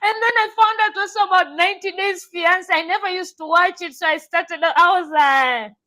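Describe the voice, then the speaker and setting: A woman co-hosting a casual podcast chat, animated and slangy, swearing casually. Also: extremely high pitch, fairly quick, low-quality recording.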